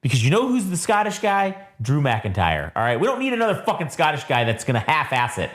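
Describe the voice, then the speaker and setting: A man's voice: on the high side, wildly swooping pitch, fast, fairly bright tone. A man co-hosting a casual wrestling review, ranting emphatically and swearing a lot. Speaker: podcast co-host.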